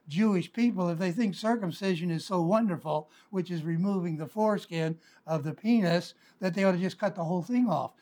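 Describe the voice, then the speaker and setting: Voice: medium pitch, darkish tone. A preacher giving a Sunday sermon in a frank, conversational way, with wry asides and filler words.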